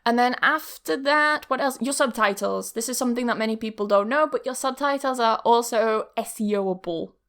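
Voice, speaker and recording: A woman's voice: a little high, normal speed, few pauses, fairly bright tone. Chatty woman, candid podcast talk. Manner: chatty and candid, casual swearing, frequent "like". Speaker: podcast host and online English teacher. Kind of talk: casual solo podcast talk. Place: home setup filmed on camera.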